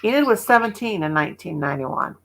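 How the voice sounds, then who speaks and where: A woman's voice: lowish voice, animated, quick pace, gravelly, fairly bright tone, poor audio. Chatty Midwestern woman in her sixties. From American Midwest. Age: 60s. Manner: chatty, rambling, laughs often. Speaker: livestream host. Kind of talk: casual chat with viewers.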